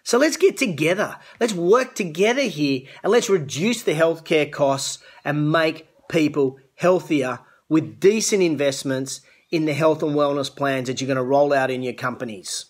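This business-show host, a middle-aged Australian man, delivers an earnest motivational talk on a live stream, coaching viewers and greeting them by name. He speaks at a normal speed with few pauses, in a voice that sits somewhat high for a man.

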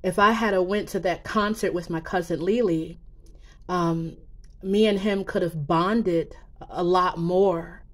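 A woman making psychic predictions in a casual vlog, talking slowly in a rambling way with many fillers and restarts. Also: fairly low pitch, fairly even intonation. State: emotional, near tears. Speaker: psychic vlogger.

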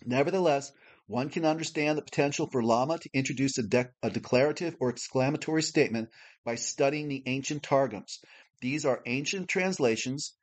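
In a Bible class, a man with a medium-pitched voice reads his prepared lesson, explaining carefully and spelling letters out slowly.

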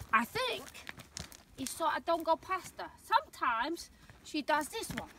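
A woman's voice: extremely high pitch, bright, forceful tone, far from the mic, a little hiss or hum, poor audio. A woman on a hiking trail, giving a teasing, mock-serious vlog demonstration of walking poles. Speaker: hiking companion filming a vlog. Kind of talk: comic deadpan walking-pole demonstration. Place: outdoors on a mountain hiking trail.

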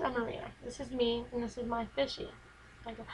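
Teen girl vlogger, rambling chatter into the camera mic in her bedroom, slightly high voice, faint hiss. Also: steady tone, racing, fairly bright tone, rough recording. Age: teens. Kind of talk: casual chat to camera.

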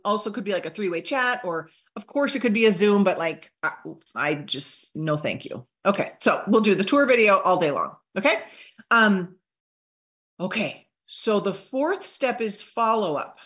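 A woman giving an energetic live training on sales follow-up, acting out short sample conversations in an upbeat voice. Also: mid-range voice, normal speed. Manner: energetic, upbeat coaching with acted-out sample dialogue. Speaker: network marketing trainer.

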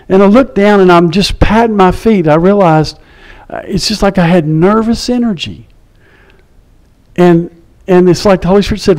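A male pastor shares a personal story during a sermon in a conversational style, sinking to a hush at the quiet moments. His voice is high-pitched and his speed normal.

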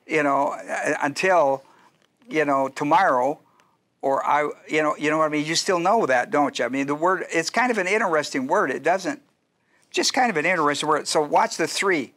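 A man in middle age teaches scripture to a class in a loose, talky lecture, circling back and checking in with his listeners. His voice sits a bit high for a man and has a bright, forward edge. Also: moderate pace. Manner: conversational teaching with asides and restarts. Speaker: pastor. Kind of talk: Bible study lecture.

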